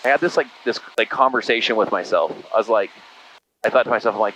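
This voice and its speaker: A man's voice: on the low side, fast, pushed and bright, rough recording. Candid man telling stories, faint hum. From Utah. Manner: candid, rambling, says "dude" and "you know" often. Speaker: podcast guest. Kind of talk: casual conversational storytelling.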